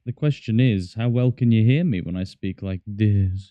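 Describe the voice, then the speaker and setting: A man's voice: fairly low pitch, moderate pace, dry recording, phone-quality sound. A man chatting casually to his viewers while he plays a game on a livestream, jokey and talking to himself. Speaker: streamer. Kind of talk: casual gaming livestream chat.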